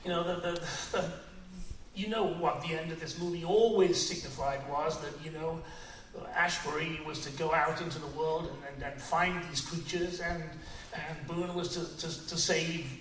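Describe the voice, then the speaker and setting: High-voiced older man in an echoey theater. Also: steady tone, a bit bright. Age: 60s. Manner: halting, with many restarts and repeated words; earnest and reflective, with bursts of laughter. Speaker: guest filmmaker at a screening Q&A. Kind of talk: live on-stage conversation. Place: cinema auditorium in front of an audience. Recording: echoey, noisy room, picked up from a distance.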